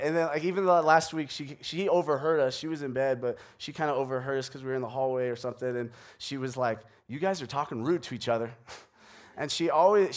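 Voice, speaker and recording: Guy pastor giving a sermon in church, kinda high voice, casual and jokey like telling stories. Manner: conversational, joking, relaxed storytelling. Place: church sanctuary.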